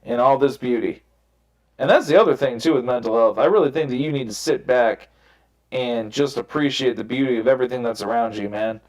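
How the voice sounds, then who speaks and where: A man's voice: medium pitch, brisk, darkish tone. A young man telling candid personal stories in casual podcast chat, swearing freely and rambling. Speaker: podcast host. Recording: roomy echo.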